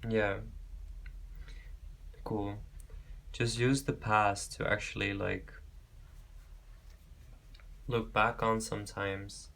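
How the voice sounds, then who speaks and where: A man giving a pick-a-card tarot reading, talking gently and reassuringly, rambling with restarts and calling listeners babe and beautiful soul. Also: fairly low pitch, vocal fry. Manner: affectionate, calls viewers babe and beautiful soul. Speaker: tarot reader.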